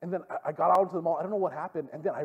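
Very fast and breathy, a fairly high-pitched man teaches a youth group as their pastor, telling stories animatedly in Hawaiian Pidgin-tinged English and checking in with "okay?". The audio sounds dull.

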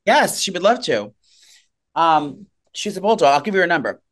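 A man co-hosting a casual gossip chat, telling stories in a rapid, excitable way. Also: high-pitched. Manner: rapid, excitable storytelling full of fillers. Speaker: podcast co-host.

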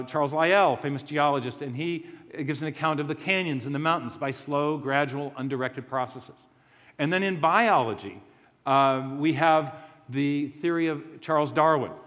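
Male lecturer, slightly high voice, rambling anecdotal delivery with restarts and self-mocking humor, long hall reverb. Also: a bit bright. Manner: anecdotal storytelling with frequent restarts. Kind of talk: public lecture.

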